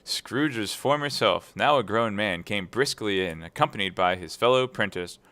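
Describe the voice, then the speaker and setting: A man reading a classic novel aloud at speedrun pace, brisk and steady. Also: lowish voice, no echo. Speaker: reader.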